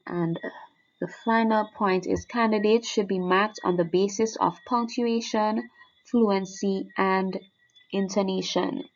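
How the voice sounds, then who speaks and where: A woman's voice: medium pitch, steady tone, slow. A woman teaching, walking students step by step through a French oral exam mark scheme and repeating the key points. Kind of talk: exam guide lesson. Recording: dull lo-fi sound.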